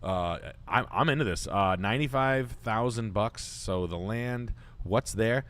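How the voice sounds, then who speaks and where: A man's voice: lowish voice, measured pace, a bit bright. Blunt, profane man. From Boston area, United States. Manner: profane, blunt, rambling with many fillers. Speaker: podcast host. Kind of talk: casual crude chat.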